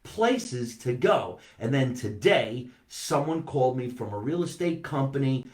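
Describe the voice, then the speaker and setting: Chatty comedian hosting a live stream. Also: male voice, mid-range voice, a little slow, roomy sound. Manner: chatty, animated, reads viewer comments aloud. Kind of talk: casual live-stream chat. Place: home basement.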